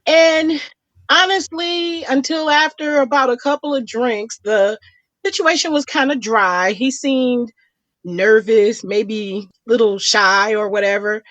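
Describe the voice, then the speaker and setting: A woman co-hosting a podcast, telling a funny date story in casual chat and acting out each quote with big jumps in pitch. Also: dry recording, low-quality recording. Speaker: podcast co-host.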